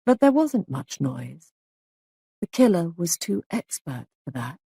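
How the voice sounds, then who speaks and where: A woman narrating a mystery story as an audiobook reading, in a measured, even manner. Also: lowish voice, creaky, husky, no room sound, studio quality.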